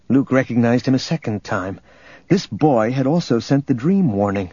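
A male audiobook narrator reads a story aloud as scripted narration, steady and measured. His medium-pitched voice has a breathy edge, recorded dry on dull lo-fi equipment with faint music behind it.

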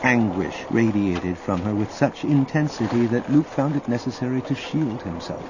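A man narrating an audiobook in a dramatic, lively reading. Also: mid-range voice, moderate pace, noisy background. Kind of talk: scripted narration. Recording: dull audio under loud music.

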